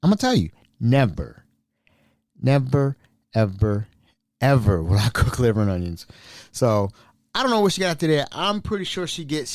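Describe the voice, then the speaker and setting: A man's voice: mid-range voice, a little mellow, dry recording, clean studio sound. A man who works as a cook, telling a story in a casual, emphatic monologue, repeating himself for effect and laughing between phrases. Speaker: cook at an elderly care facility.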